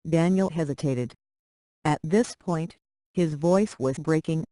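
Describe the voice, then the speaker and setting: A reader narrating a short romance story aloud in a plain, steady way. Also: mid-range voice, takes it slowly, dry recording, low-quality recording.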